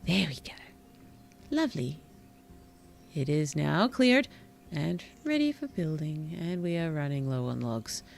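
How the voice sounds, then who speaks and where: A streamer giving relaxed gameplay commentary in a gentle, whimsical, polite way, with puns and soft whispered asides. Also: mid-range voice, a little slow, gravelly, a little hiss or hum. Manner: drops into soft whispers at times. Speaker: VTuber streamer and author.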